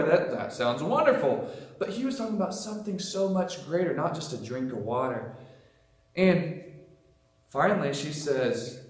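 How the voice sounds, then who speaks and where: In a church with echoey acoustics, a man teaching Sunday school casually retells a scripture story, doing voices for its characters. His voice is fairly high with lively intonation, and he keeps a measured pace.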